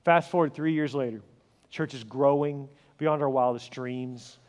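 A middle-aged male pastor telling a story in a sermon, acting out the dialogue and swinging from loud to hushed. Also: medium pitch, fairly even intonation, measured pace. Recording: long hall reverb.

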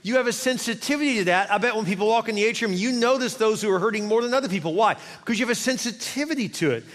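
A man's voice: high voice, racing, big-room sound. A male pastor delivering a fervent sermon, repeating phrases and urging his listeners on. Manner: fervent, rising to shouting exhortation. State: winded at times.

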